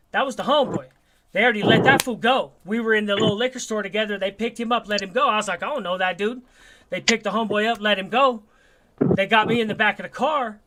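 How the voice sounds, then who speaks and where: A man's voice: high-pitched, background noise. A man telling streetwise stories in a casual, swearing chat. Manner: streetwise, swearing, animated storyteller.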